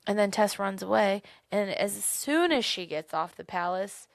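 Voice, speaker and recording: A young woman co-hosting a podcast, retelling a book's plot in a chatty, animated way with many fillers. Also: medium pitch, moderate pace, vocal fry, no room sound. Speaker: podcast co-host. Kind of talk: casual book discussion.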